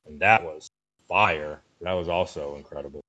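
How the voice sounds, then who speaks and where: A man in a casual podcast chat who talks haltingly and searches for his words. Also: rumbling low, bright, forceful tone, muffled recording.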